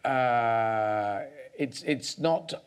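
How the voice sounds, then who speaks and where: A man's voice: mid-range voice, very slow, clear, resonant tone. Rambling, reflective male talk show guest. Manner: thoughtful, rambling, with many restarts.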